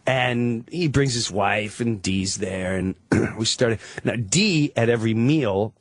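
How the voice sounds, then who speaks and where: A man, a guest comedian, telling a story in an animated, casual way, full of quick restarts and laughter. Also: mid-range voice, dry recording, clean studio sound.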